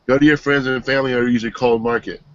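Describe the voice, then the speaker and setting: A man giving an earnest, emotional personal testimonial, halting and restarting as he speaks. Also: mid-range voice, steady tone, fairly bright tone, dry recording. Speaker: team member giving a testimonial. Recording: dull, dry lo-fi sound.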